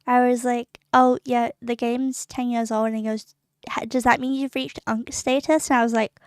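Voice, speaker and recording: A young woman streaming casually, giggly and excitable, chatting to her viewers. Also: on the high side, moderate pace, clear, resonant tone, no room sound, clean studio sound. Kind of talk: casual live-stream chat.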